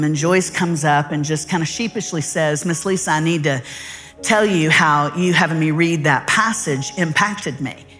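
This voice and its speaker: Low-voiced woman preaching. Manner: animated, folksy storyteller. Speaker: guest speaker. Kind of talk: sermon storytelling.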